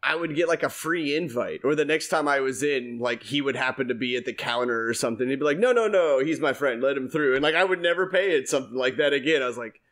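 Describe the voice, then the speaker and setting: A man's voice: medium pitch, fast, few pauses, a bit bright. A man co-hosting a podcast in casual chat, rambling through stories, swearing freely and laughing often. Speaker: podcast co-host.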